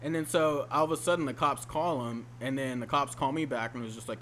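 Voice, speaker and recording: A young man chatting casually with friends, telling animated, profane stories. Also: medium pitch, brisk, a little hiss or hum. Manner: animated storyteller, profane slang. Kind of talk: casual chat.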